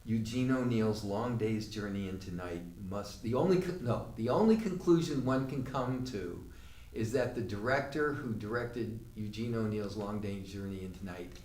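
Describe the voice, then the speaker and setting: A man's voice: lowish voice, moderate pace, darkish tone. A man telling a theatre story in a rambling, profane way, often restarting his sentences. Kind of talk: storytelling monologue. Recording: roomy, mic far off, faint room ambience.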